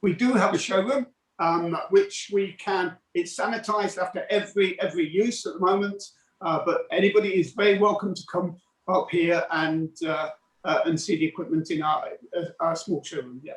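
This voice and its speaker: A man's voice: high-pitched, fairly even intonation, moderate pace. Rambling man on a roomy call. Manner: casual, rambling with restarts and fillers. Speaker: product demonstrator. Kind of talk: live video call product demo. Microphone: video call. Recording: roomy, distant video call audio.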